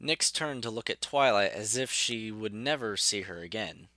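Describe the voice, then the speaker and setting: A man narrating a fan audio story in a measured, even way. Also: fairly low pitch, no echo.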